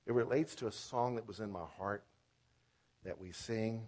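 A man pastor preaching a sermon with animated delivery, swinging from loud emphatic lines to soft near-spoken ones, fond of wordplay and repetition. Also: lowish voice, moderate pace.

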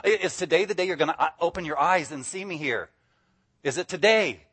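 A man's voice: on the high side, brisk, fairly bright tone, breathy edge, pitched above the performer's own voice. A man voicing an eager, pleading God.

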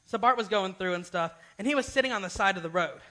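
A man's voice: high-pitched, fast talker, bright, forceful tone, low-quality recording. A young man giving a casual youth sermon, informal and often asking "right?". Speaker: youth speaker.

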